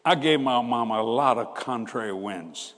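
An older man preaching a humorous storytelling sermon in a folksy way. He laughs often and swings between loud bursts and hushed asides. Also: medium pitch, normal speed. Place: church hall. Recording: hall reverb with faint background noise.

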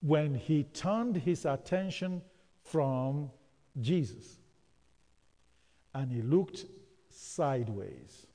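A man's voice: on the high side, animated, drawn-out words, pauses often, warm tone. A man preaching a sermon, calling on the congregation to answer and repeating phrases for emphasis. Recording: long hall reverb.

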